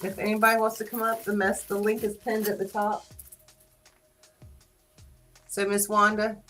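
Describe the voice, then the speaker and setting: A woman with a Southern US accent hosting a casual live stream, playful and teasing, quick to laugh. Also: medium pitch, little pitch movement, a bit bright, soft background music, rough recording. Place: small studio.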